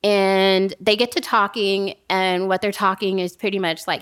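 A woman casually telling a story to a friend on a podcast, animated and laughing often. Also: medium pitch, a little slow, few pauses, smooth.

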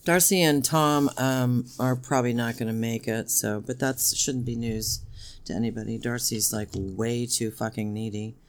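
A man's voice: mid-range voice, steady tone, moderate pace, smooth. Rambling, joking man podcast co-host. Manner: joking, rambling, laughs often. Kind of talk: casual chat.

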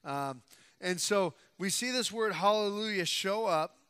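A young adult male pastor giving a conversational sermon in a church sanctuary, who grows louder and more emphatic when he reads scripture aloud. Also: high-pitched, lively intonation, unhurried, smooth. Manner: conversational preaching, rising loud for scripture reading. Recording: long hall reverb.

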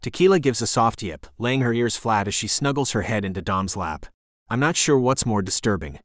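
A man narrating a first-person romance audiobook in a measured storytelling manner, on a close studio mic. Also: on the low side, expressive, no echo.

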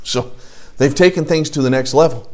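A man's voice: on the high side, normal speed. A man teaching a casual Bible study, reading scripture aloud and adding jokey, conversational asides.

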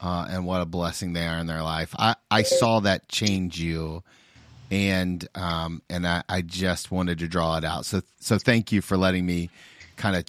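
Low-voiced man hosting a podcast. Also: fairly even intonation, a little slow, dry recording, studio quality. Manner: warm, searching questions with stumbles. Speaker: podcast host. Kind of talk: interview conversation.

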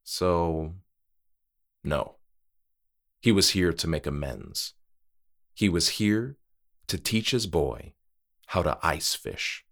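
A man narrating a horror short story in a somber, measured way. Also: low voice, expressive, vocal fry, a bit bright.

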